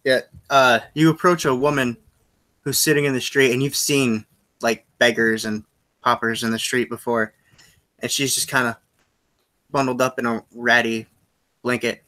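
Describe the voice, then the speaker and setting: A man running a tabletop game as game master, narrating in a halting way and often correcting himself. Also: mid-range voice, fairly even intonation, bright, forceful tone.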